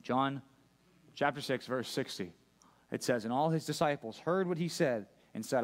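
A man's voice: medium pitch, animated, moderate pace. A male pastor preaching a sermon to a church congregation, talking conversationally and often checking in with his listeners. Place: church service.

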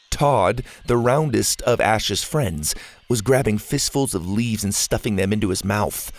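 Lively, gravelly man narrating. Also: fairly low pitch, unhurried. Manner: expressive, lively storyteller. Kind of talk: children's audio story narration.

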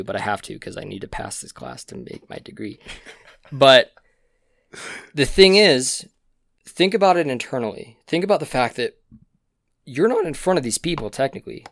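A man's voice: fairly low pitch, vocal fry, a bit bright, dry recording. Young man, rambling storyteller, casual podcast chat, dry close mic. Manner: rambling storyteller, laughs at own stories. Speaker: podcast co-host.

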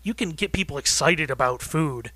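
A male food podcaster talks with real enthusiasm as a radio guest. His voice sits a bit high and bright, and the sound is close and dry. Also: lively intonation, moderate pace, no echo. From Rochester, New York. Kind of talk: casual radio interview.

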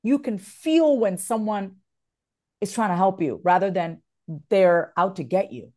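A woman's voice: mid-range voice, measured pace. A woman who works as a voiceover artist, speaking expressively as an interview guest and acting out example phrasings. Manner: animated, acts out example phrasings.

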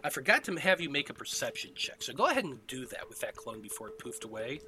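A man narrating a tabletop game as game master, halting with many ums and restarts. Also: medium pitch, big pitch swings, bright, forceful tone.

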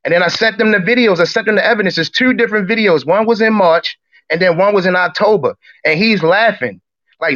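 Excited man, bright voice, dull lo-fi line. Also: high voice, a little fast. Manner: emphatic, slangy, rambling. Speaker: caller. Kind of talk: heated casual argument.

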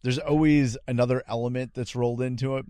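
A man's voice: mid-range voice, steady tone, fast talker, dark tone, clear, resonant tone, dry recording. A man hosting a retro game show podcast, telling stories in a chatty, laughing way. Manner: chatty storytelling, laughs often. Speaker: podcast host. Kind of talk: casual podcast banter.

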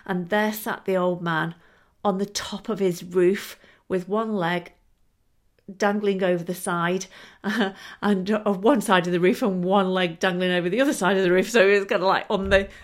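Woman telling a story on her podcast, lively, lowish voice. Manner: lively, expressive, laughing between lines. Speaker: storyteller and show host.

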